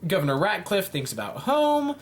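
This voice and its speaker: A man reading out a simulation game's events and reacting to them with playful, animated commentary. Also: high-pitched, normal speed. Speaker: YouTube game commentator.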